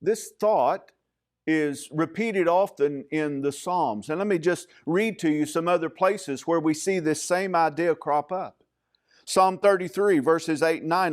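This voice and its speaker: Emphatic preaching man, somewhat high voice. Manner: measured, emphatic preaching with frequent fillers. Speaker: pastor. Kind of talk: sermon. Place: church.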